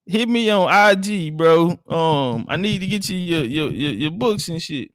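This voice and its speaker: High-voiced man bantering with chat. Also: lively intonation, measured pace, a bit bright, dry recording, studio quality. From Texas. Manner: joking, boastful, profane banter. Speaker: livestream host. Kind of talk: casual livestream chat with viewers.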